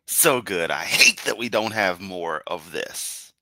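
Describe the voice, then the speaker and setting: A man's voice: sits low, animated, takes it slowly, hardly any pauses, sharp tone, no echo. A man reacting to a debate clip on a live stream, swearing and mocking as he talks. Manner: profane, mocking. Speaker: stream commentator. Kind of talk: reaction commentary.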